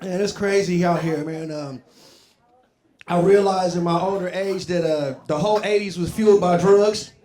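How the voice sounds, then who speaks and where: High-voiced man doing stand-up comedy. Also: fairly even intonation, moderate pace, dark tone. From Columbus, Ohio. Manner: loose, profane, rambling banter with the crowd. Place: comedy club stage. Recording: echoey club with crowd laughter.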